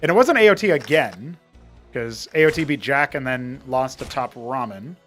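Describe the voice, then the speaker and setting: A man casting a strategy-game match live, mixing quick play-by-play with rambling trivia asides. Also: mid-range voice, animated, fairly bright tone, soft background music. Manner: chatty play-by-play that wanders into trivia. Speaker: esports caster and show host.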